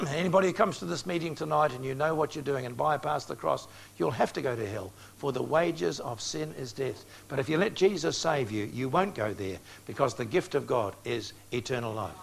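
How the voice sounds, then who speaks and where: Gravelly older man preaching. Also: medium pitch, animated, brisk, few pauses, slight background noise. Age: 60s. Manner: direct, storytelling, acts out dialogue. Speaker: evangelist preacher. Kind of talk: evangelistic sermon with anecdotes.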